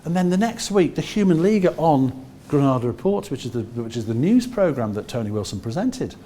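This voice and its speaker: Animated Liverpudlian man in his sixties. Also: medium pitch, slight background noise. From Liverpool, England. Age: 60s. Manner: animated, acts out other people's voices, quick asides. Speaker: musician telling stories. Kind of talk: anecdotal storytelling.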